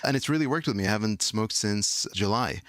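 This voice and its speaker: A man editor chatting on a podcast in a relaxed way, with many hesitations. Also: on the low side, a little fast, dry recording, clean studio sound. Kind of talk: casual chat.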